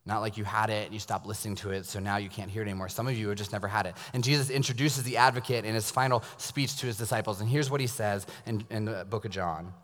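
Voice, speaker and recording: A man preaching a sermon as a pastor, telling stories and dropping to a hushed, intense tone for emphasis. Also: fairly low pitch, fairly even intonation, fast talker, few pauses. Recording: long reverb of a large hall.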